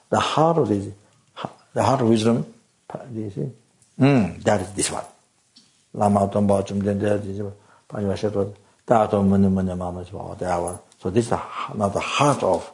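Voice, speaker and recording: Halting, gravelly-voiced man teaching Dharma. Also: lowish voice, low-quality recording. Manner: halting, many fillers and repeated words; often clears throat and coughs. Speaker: Buddhist teacher.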